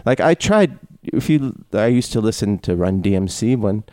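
Mellow-voiced podcast host in his thirties. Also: on the low side, moderate pace, no echo. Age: 30s. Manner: relaxed, reading listener mail. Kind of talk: casual podcast chat.

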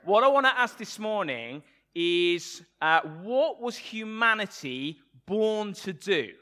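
A man's voice: sits high, sing-song, slow, pushed and bright. A man preaching a Sunday sermon, playful and asking the congregation questions.

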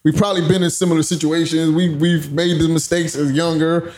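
A man hosting a podcast, chatting casually, animated and laughing often, swearing freely. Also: a little high, a little fast. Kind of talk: casual chat.

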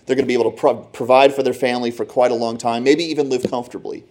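A man's voice: medium pitch, flat delivery, rapid-fire, darkish tone, a little hiss or hum. A man preaching a sermon, retelling Bible stories with dramatic, acted-out voices. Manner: dramatic storytelling, acts out Bible characters.

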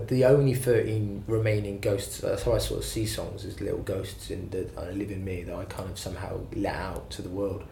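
A man's voice: on the low side, vocal fry, a little mellow, a little hiss or hum. A man who is a singer-songwriter, telling his story in a rambling, self-deprecating way during a casual interview. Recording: roomy echo, faint ambience.

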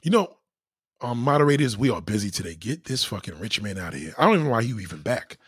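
A man holds forth to his live-stream chat, blunt, crude and full of swagger. His voice has a husky grain and swings up and down with plenty of life. It sounds close and dry, with no room around it. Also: lowish voice, very animated, fast talker, fairly bright tone, dry recording. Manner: blunt, profane, boastful. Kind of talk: casual live-stream monologue.

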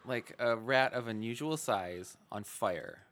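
A man's voice: on the low side, slow, a bit bright. A man co-hosting a casual podcast, joking and giving vivid descriptions. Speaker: podcast co-host.

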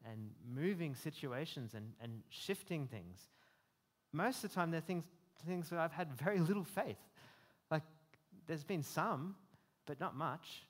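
This preacher's voice is a touch high as he gives an earnest, conversational sermon, repeatedly restarting what he's saying.

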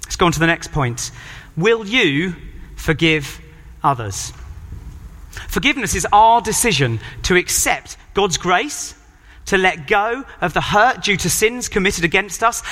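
A man preaching a sermon, reading scripture aloud and acting out the characters' voices with animated delivery. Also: sits high. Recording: long hall reverb.

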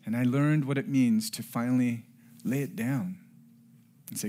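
A middle-aged pastor preaches a sermon and shares a personal story, earnest throughout, swelling to loud emphasis and then falling to a hush. His voice sits in the mid-range, with a steady tone and normal speed.

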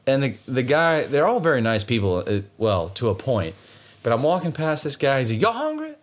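A man in a relaxed chat, telling a story with plenty of animation and frequent laughs, and acting out the people he met. His pitch moves up and down freely. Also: normal speed.

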